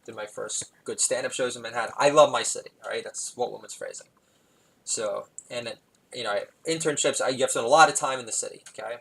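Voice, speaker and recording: Rambling New comedian, laughing along. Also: male voice, medium pitch, quick pace, vocal fry, a bit bright, slightly rough, low-quality recording. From New York. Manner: rambling, digressive, laughs at own jokes. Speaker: comedy podcast host. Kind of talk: stand-up style monologue.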